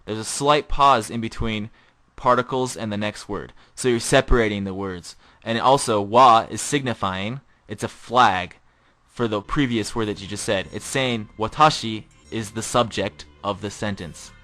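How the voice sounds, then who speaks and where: A man teaching a casual podcast language lesson, informal and repeating example phrases slowly. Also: lowish voice, bright, forceful tone, no room sound.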